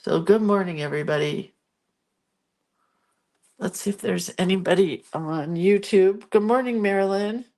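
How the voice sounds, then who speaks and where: Slow-talking woman hosting a craft livestream. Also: mid-range voice, darkish tone. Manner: chatty, greets viewers by name. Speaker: art livestream host. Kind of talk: casual live craft chat. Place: home craft room.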